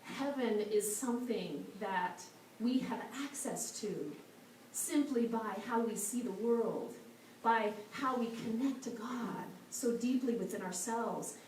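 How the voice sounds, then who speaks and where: Woman minister in an echoey hall. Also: a little high. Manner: soft, slow and meditative at moments. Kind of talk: sermon with storytelling. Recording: echoey hall from a far mic, faint noise.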